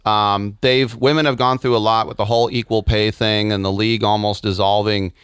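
A man's voice: lowish voice, flat delivery, fairly quick, fairly bright tone, clear, resonant tone, no room sound, clean studio sound. A man talking soccer as an analyst, telling anecdotes with wry humor. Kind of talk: casual sports talk.

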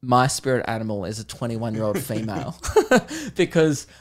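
A man's voice: mid-range voice, expressive, normal speed. A man in his thirties with an Australian accent, hosting a comedy podcast and telling an exasperated story with lots of laughing and swearing. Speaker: podcast host.

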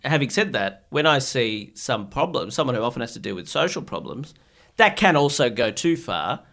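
A man's voice: medium pitch, big pitch swings, normal speed, gravelly, fairly bright tone. A middle-aged man from Bangladesh, a guest in a casual chat, talking in thoughtful, reasoned points. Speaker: guest psychiatrist.

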